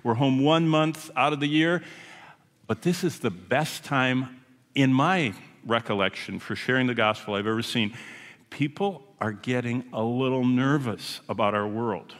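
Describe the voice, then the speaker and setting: Here a male traveling missionary, slightly slow and fairly bright in his mid-range voice, delivers a sermon to a gathered congregation. His storytelling is folksy and chatty, full of asides to listeners, with the church or meeting hall giving a long reverb.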